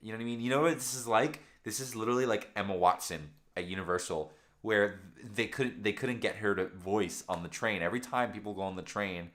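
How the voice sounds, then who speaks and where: A young man with a low, deep voice chats casually with viewers on a late-night home livestream. He rambles with excited fan energy, and his pitch jumps up when he gets worked up. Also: a little fast. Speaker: livestream host. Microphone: camera microphone.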